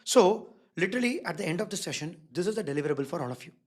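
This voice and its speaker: A man's voice: sits high, animated, very fast, a little mellow, slightly rough. A man teaching a live online design workshop, stressing key words and checking in with the audience again and again. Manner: emphatic, repeats key words. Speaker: design instructor.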